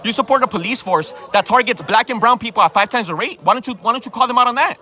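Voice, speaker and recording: A man's voice: extremely high pitch, fast talker, pushed and bright. A man confronting people in a heated outdoor argument, firing repeated questions and swearing, filmed on his own phone camera. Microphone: phone camera held by the speaker.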